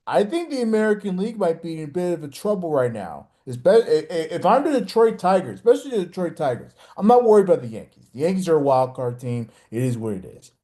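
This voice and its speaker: A man's voice: fairly high pitch, sing-song, quick pace, hardly any pauses, warm tone. A man hosting a casual sports podcast, rambling and hesitant with many restarts. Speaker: podcast host.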